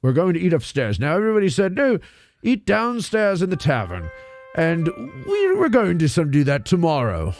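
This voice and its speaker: A man playing a wheezy, gravelly old Santa Claus. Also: fairly high pitch, wildly swooping pitch, normal speed, soft background music. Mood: rambling. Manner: rambling, out of breath, gravelly. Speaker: host. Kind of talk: comedy radio sketch.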